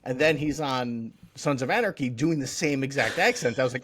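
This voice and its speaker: A man's voice: mid-range voice, animated, a little fast, fairly bright tone. Rambling man chatting about TV. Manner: rambling, jokey, full of restarts and mocking quoted voices. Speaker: podcast co-host. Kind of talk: casual chat about TV.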